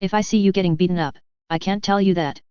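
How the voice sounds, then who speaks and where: A woman's voice: medium pitch, fairly even intonation, quick pace, smooth, no echo, lightly acted. A woman voicing a young girl who claims to be a seer, speaking with dramatic, evasive insistence, in a dull, dry recording. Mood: cryptic.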